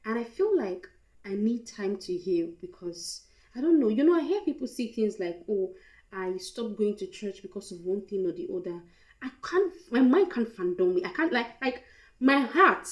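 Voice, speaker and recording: A woman's voice: medium pitch, roomy sound, poor audio. A young Nigerian woman vlogger telling a candid, emotional storytime, slipping into pidgin now and then. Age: young adult. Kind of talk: storytime vlog.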